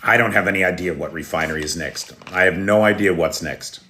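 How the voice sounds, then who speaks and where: This American man hosts a live news stream, his voice low, bright and forceful, moving a little fast over slight background noise. Chatty and direct, he addresses viewers by name and keeps clearing his throat.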